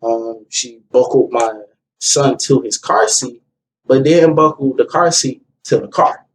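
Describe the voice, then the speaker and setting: A young man casually telling a personal story, acting out what people said with a raised, animated voice. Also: mid-range voice, a little slow. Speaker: guest telling his story. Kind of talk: casual conversation. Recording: distant mic with faint ambient noise.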